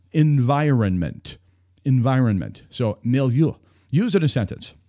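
A man's voice: medium pitch, a little mellow, no echo, clean studio sound. A man hosting a call-in radio show, joking and teasing himself as he chats. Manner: playful, self-mocking banter.

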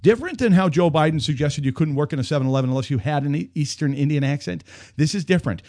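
A man's voice: a little high, fast, a little mellow, no room sound, clean studio sound. A man hosting a call-in radio show, joking and teasing himself as he chats. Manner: playful, self-mocking banter.

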